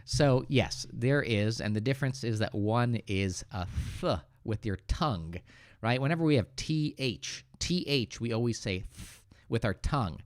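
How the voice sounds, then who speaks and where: A man from the Northeastern United States with an American accent, relaxed and joking as he reads viewers' comments aloud and corrects them on a live English lesson, speaking into a good microphone. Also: mid-range voice, unhurried, no echo, clean studio sound. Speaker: English teacher hosting a livestream. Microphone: good studio microphone.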